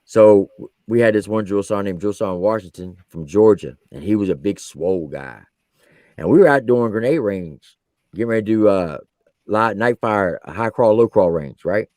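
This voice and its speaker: A man's voice: lowish voice, normal speed, warm tone, dry recording. A man, an army veteran who served as a drill sergeant, telling a story on a podcast in casual slang and acting out the quotes.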